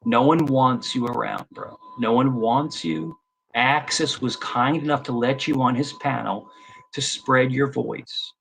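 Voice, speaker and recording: A man's voice: mid-range voice, steady tone, unhurried, gravelly, fairly bright tone, slight background noise, rough recording. A man in his fifties arguing heatedly on an online panel, confrontational and repeating himself. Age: 50s. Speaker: panel guest.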